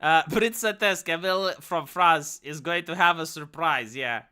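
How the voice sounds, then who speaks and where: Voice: mid-range voice, unhurried, sharp tone, clean tone. A live streamer from Romania with a Romanian accent, ranting bluntly and with a lot of swearing in a casual livestream chat.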